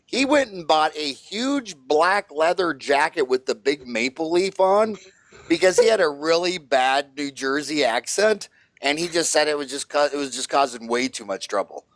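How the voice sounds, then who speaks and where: A man's voice: fairly high pitch, expressive, moderate pace, a bit bright, dry recording. A man hosting an interview podcast, chatting casually and telling rambling jokey stories full of fillers. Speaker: podcast host.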